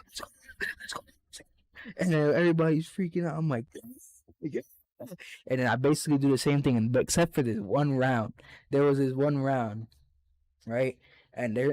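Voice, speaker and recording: A man's voice: medium pitch, a little mellow, no echo. A young man on a casual podcast, telling a rowdy, profane story full of acted-out quotes. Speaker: podcast co-host.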